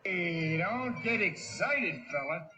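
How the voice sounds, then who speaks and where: A man's voice: high voice, lively intonation, slow, background noise. A man voicing a patient know-it-all male cartoon character in vintage cartoon dialogue, dry and matter-of-fact. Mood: smug, teasing.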